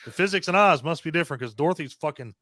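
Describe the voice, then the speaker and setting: A man reviews a movie on a casual podcast, ranting in an animated way and swearing constantly. His voice sits a little high. The sound is dry and close. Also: racing, no room sound. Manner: animated, heavily profane ranting with mocking quoted voices. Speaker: podcast co-host reviewing a film.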